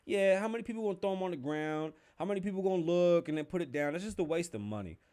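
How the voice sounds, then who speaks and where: A man's voice: sits high, expressive, fast talker, warm tone, smooth. A young man hosting a casual podcast livestream, joking and chatting loosely, swearing freely as he talks to viewers. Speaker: podcast host.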